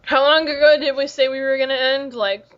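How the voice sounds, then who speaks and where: A chatty woman hosts a casual podcast, her voice sitting a little high. She laughs often and keeps things loose, captured on a dull, lo-fi recording. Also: steady tone, fairly quick, a bit bright. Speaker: podcast host. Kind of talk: casual chat.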